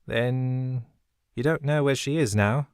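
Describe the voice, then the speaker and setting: A man's voice: medium pitch, slow pace, darkish tone, smooth, no room sound, clean studio sound, pitched above the performer's own voice. A man voicing a shrewd, wry young woman smuggler who talks in a chipper, blunt way.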